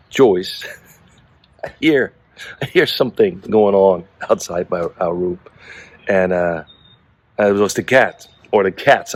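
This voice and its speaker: A man's voice: deep voice, husky, dry recording. A middle-aged man casually telling a story to the camera, amused and chuckling between phrases. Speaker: vlogger.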